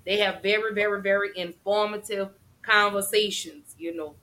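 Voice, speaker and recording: A woman hosting a casual live-streamed mental health talk show, chatty and effusive, shouting out viewers. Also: medium pitch, steady tone, moderate pace, rough recording.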